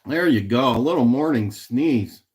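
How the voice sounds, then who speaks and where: A middle-aged man hosts a casual livestream from home, reading viewer comments aloud and answering them. He talks slowly, repeating phrases as he goes. His pitch swings widely from line to line. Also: animated, darkish tone. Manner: rambling, repeats himself, reads and answers viewer chat. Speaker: livestream host. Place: home in Illinois.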